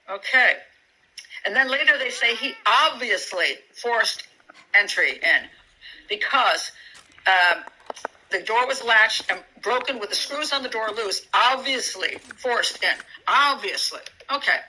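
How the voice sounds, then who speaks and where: A woman talks through a criminal case, reading passages from documents and stopping often to restart her thoughts. She sounds sarcastic and incredulous, and her voice is very bright and a little high. Faint noise sits behind her. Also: poor audio. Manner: incredulous, sarcastic, thinking aloud with many restarts. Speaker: true crime commentator.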